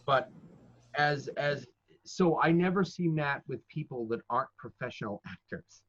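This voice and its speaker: A man's voice: medium pitch, expressive, normal speed, a bit bright, a little hiss or hum. A man who works as a professional dungeon master, giving casual, chatty, self-deprecating advice in conversation. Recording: dull lo-fi audio.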